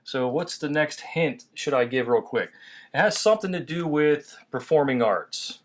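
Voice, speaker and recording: A man's voice: on the high side, lively intonation, moderate pace. A man hosting a casual toy review chat, laughing easily and restarting his sentences. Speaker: toy review channel host.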